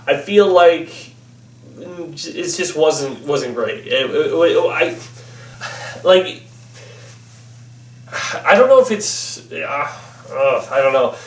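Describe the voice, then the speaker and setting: A man talks through a film review in a loose, casual way, stumbling over restarts and leaning on fillers. His voice sits a little on the high side. He sounds set back from the mic in an echoey room. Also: distant mic. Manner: rambling, many fillers and restarts.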